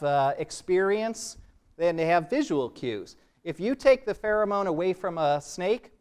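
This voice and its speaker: Older male professor, lecture hall Q&A; high, smooth voice, relaxed with joking asides. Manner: relaxed, self-deprecating asides, restarts sentences. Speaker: biology professor giving a lecture. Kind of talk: public lecture and Q&A.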